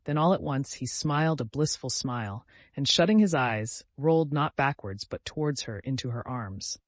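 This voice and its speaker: A man narrating a classic novel as an audiobook, calm and measured, lifting his voice for the dialogue. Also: mid-range voice, no echo.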